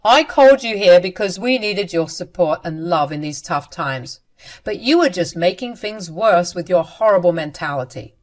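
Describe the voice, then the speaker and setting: Woman reading as a fed up husband defending his wife, firm and loud. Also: lowish voice, animated, normal speed, natural voice. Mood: angry. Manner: firm, indignant. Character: angry protective young husband.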